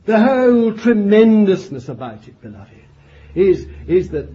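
An older man preaching a fervent sermon, swinging from loud declarations to low murmured asides and breaking in with praise. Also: sing-song, measured pace. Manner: exclaims hallelujah and glory between points. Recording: dull lo-fi archive recording.

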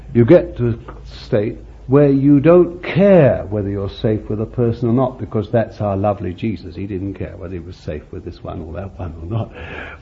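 A man preaching a sermon in a folksy, conversational way, often adding "you see" as an aside. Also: lowish voice. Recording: muffled lo-fi recording with faint hiss.

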